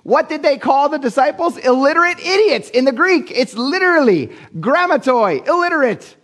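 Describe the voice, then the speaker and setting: Preaching from a church pulpit, a middle-aged pastor from Pennsylvania uses a very high-pitched, sing-song, fairly bright voice at a moderate pace. His blunt, casual sermon features big swings in his voice whenever he acts out someone he's quoting.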